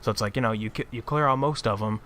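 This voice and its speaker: A man's voice: on the low side, fast, a bit bright. A man chatting casually on a gaming podcast, blunt and opinionated, laughing at his own points. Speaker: podcast co-host. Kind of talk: casual chat.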